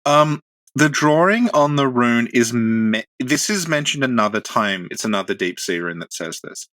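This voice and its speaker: A man's voice: medium pitch, animated, normal speed, fairly bright tone, dry recording. A man co-hosting a podcast in casual chat, explaining things and teasing his co-host with dry humor.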